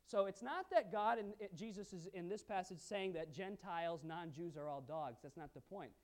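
A woman's voice: fairly low pitch, normal speed. A woman teaching a Bible study class, earnest and emphatic, speaking to her class. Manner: earnest, emphatic, pleading in quoted prayers.

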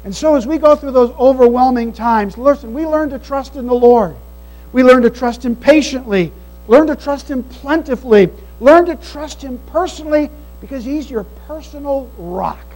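A man's voice: extremely high pitch, normal speed, a little mellow, rough recording. A man preaching a sermon as pastor, earnest and emphatic, repeating key phrases. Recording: mains hum behind the voice.

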